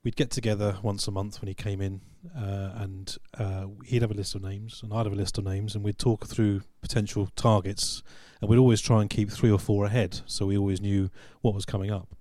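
A man, a magazine editor, speaking in a measured, reflective way with frequent pauses in casual podcast talk. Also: lowish voice, flat delivery, dark tone, dry recording.

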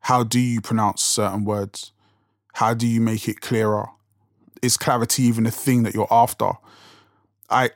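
A man's voice: mid-range voice, no echo, studio quality. A young man with a London accent, talking casually as a podcast host, rambling with restarts and fillers. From England. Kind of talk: casual solo talk.

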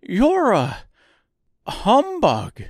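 A man voicing a grieved straw man who speaks in a high, wailing way. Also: big pitch swings, takes it slowly, dry recording, clean studio sound, exaggerated voice. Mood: plaintive.

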